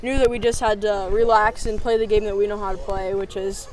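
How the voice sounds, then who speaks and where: A teenage girl softball player speaking casually in a postgame interview outdoors at a ballfield. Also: medium pitch, fairly quick. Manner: relaxed, laughing, casual fillers. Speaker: high school softball player. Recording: crowd noise behind.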